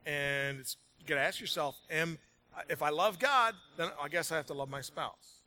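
A pastor with a rather high, sharp-toned voice preaches at normal speed to a congregation in a large room. He starts out chatty and joking, builds energy, then settles into reading scripture.

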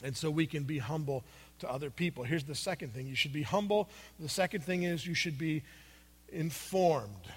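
A man preaching a sermon, telling a personal story in a conversational way with plenty of fillers, moving between loud stretches and hushed asides. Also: fairly high pitch, lively intonation, moderate pace, slightly rough. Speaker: pastor. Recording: long hall reverb.

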